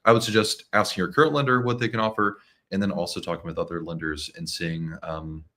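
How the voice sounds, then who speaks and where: A man giving mortgage advice as a guest in a livestream, relaxed and full of fillers. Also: low voice, fast. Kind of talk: casual livestream chat.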